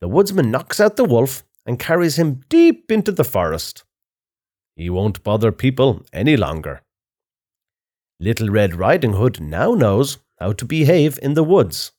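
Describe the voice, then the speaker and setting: A man narrating a children's fairy tale in a slow, expressive storytelling style. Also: medium pitch.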